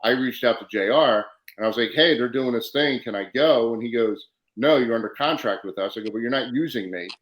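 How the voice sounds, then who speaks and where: A male podcast host in casual conversation, telling his stories with animation and acting out the back-and-forth. His voice sits at an ordinary pitch. The room around him adds a noticeable echo. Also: a little fast. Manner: animated storyteller, acts out quoted exchanges. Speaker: podcast host, former wrestler. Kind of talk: casual interview chat.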